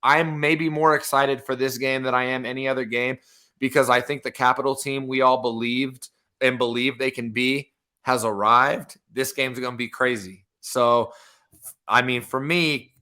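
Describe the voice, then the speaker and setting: A man co-hosting a sports podcast breaks down the games one by one, excited and casual. His pitch is ordinary, but his voice comes across bright and forceful, with a clear edge on every phrase.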